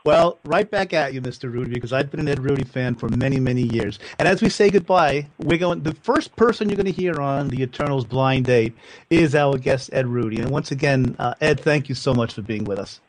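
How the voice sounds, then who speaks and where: A man's voice: medium pitch, a little fast, a little hiss or hum, poor audio. A man hosting a radio interview, chatty and effusive with his guest. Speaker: radio show host. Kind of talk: interview chat.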